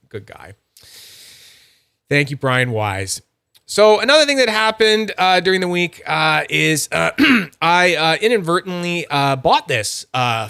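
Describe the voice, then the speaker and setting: A man's voice: on the high side, sharp tone, no echo, studio quality. A young man rambling casually about fidget toys, full of fillers and restarts. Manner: rambling, filler-heavy, chatty. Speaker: fidget toy reviewer. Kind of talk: casual unboxing chat.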